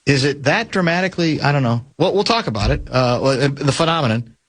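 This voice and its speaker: A man's voice: on the high side, animated, fast talker. A man hosting sports talk radio in casual banter, blunt and sarcastic as he needles his guest. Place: radio studio.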